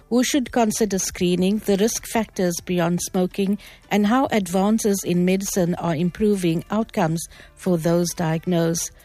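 South african lady on the radio, friendly chatty host, soft music under her. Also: mid-range voice. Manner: friendly, chatty, greets in several languages. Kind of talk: radio talk show presenting. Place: radio studio. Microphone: studio microphone.

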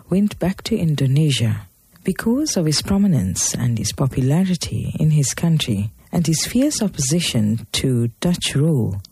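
A man narrating a documentary in a measured, formal storytelling manner. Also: fairly high pitch, a little mellow, breathy edge, no echo.

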